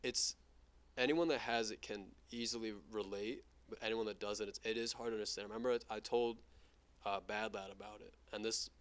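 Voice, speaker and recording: Fast-talking young man, swearing. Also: on the low side, fairly even intonation, fairly bright tone, clean tone. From New York. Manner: rapid, profane, filler-heavy storytelling. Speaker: interview guest. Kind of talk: casual chat.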